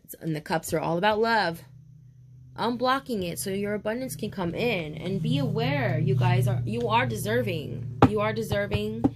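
Chatty, animated woman reading tarot. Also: mid-range voice, normal speed, noisy background. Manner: animated, calls viewers baby and honey; chatty, sure of herself. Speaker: tarot reader. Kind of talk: casual tarot reading video.

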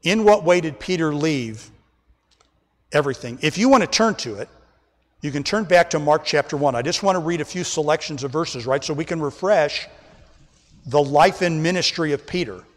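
A male pastor delivers an emphatic sermon in a slightly high voice. He keeps turning to the congregation as folks. The sound carries a long church-hall reverb. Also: lively intonation, moderate pace. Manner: emphatic preaching, often addressing the congregation as folks. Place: church sanctuary.

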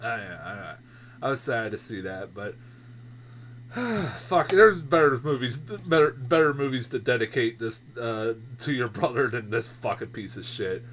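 Profane, lively-pitched man ranting. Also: unhurried, a little hiss or hum. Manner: profane, exasperated, laughs in disbelief. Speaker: film reviewer. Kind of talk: casual ranting review.

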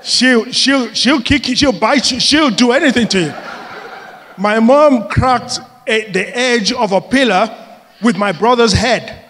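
A man preaching a sermon, telling personal stories in a lively way and laughing often. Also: extremely high pitch, a little slow. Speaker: pastor. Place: large church hall. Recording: long reverb of a church hall.

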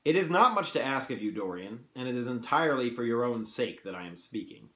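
A man's voice: medium pitch, lively intonation, fairly quick, a bit bright, lightly acted. A man reading as a grave, earnest painter. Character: grave serious male painter friend. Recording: roomy echo.

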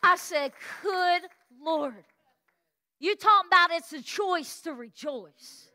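High bright-voiced woman preaching. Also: slow. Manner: animated storytelling sermon, exclamations, sings snippets. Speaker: pastor. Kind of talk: sermon. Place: church sanctuary.

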